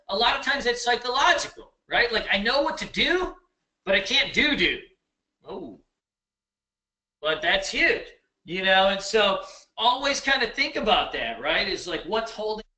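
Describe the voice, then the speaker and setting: A man's voice: high voice, pushed and bright. A man teaching a live trading class, loose and joking, swearing freely and tagging "right?" onto his points. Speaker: trading instructor. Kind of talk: casual live webinar teaching. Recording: echoey room.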